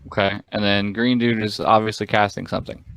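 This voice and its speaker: A man's voice: lowish voice, flat delivery, fairly quick, vocal fry, a bit bright, clean tone, no room sound, low-quality recording. A man playing a tabletop game, thinking aloud about his moves with hesitant fillers. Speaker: player. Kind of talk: casual tabletop game talk.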